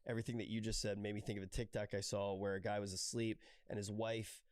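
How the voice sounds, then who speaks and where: A man's voice: fairly low pitch, little pitch movement, quick pace, darkish tone, clean tone, dry recording, clean studio sound. A man telling rambling stories in casual chat on a voice call, laughing often and restarting his sentences. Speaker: streamer's call guest.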